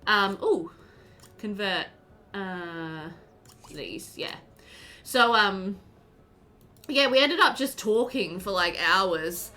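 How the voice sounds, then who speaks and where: A woman's voice: mid-range voice, expressive, extremely slow, pauses often, pushed and bright, faint music behind. A woman with an Australian accent, live-streaming a game at home and chatting in a rambling way, full of fillers. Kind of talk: casual chat while live-streaming a game.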